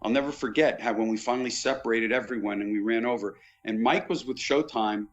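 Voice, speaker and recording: A man's voice: mid-range voice, a little fast. Male raconteur with a medium voice, casual anecdotal podcast guest, dull recording. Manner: animated raconteur, vivid recollections. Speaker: podcast guest, former boxing pay-per-view executive. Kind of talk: anecdotal storytelling in casual chat.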